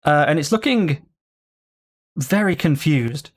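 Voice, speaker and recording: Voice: mid-range voice, big pitch swings, a little slow. A game master narrating a tabletop game with loose, laughing delivery.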